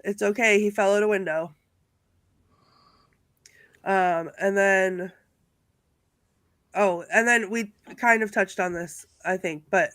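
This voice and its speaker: A woman's voice: medium pitch, steady tone, slow, pauses often, fairly bright tone, dry recording. A woman panelist in casual chat, telling stories with a lot of enthusiasm. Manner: laughing enthusiastic storytelling.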